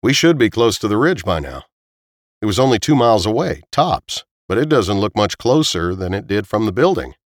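A man voicing a calm, seasoned man in an audiobook, steady and explaining. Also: on the low side, normal speed, no room sound, studio quality. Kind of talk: audiobook character voice.

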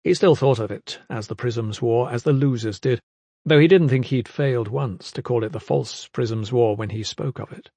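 Brief: male audiobook narrator, measured dramatic delivery, middle pitch, dead-dry booth sound. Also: a little mellow, no echo. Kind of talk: scripted fantasy narration.

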